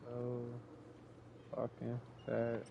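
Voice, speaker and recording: A man's voice: mid-range voice, monotone, extremely slow, gravelly, no room sound, dull audio. A man chiming in with short, profane reactions in a casual chat. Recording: loud background noise.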